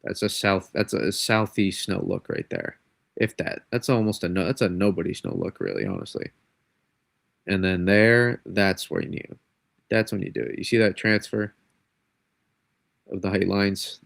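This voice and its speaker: Stuffy male weather streamer with a cold, rambling, self-correcting, gravelly, dry close mic. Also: low voice, fairly even intonation, moderate pace, a bit bright, no echo. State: congested from a cold. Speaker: weather forecaster. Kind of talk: live-stream weather model breakdown.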